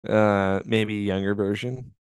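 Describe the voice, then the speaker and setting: Smooth-voiced man in sarcastic banter. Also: on the low side, fairly even intonation, slow pace, dry recording, clean studio sound. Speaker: podcast co-host. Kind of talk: casual chat recapping a TV episode.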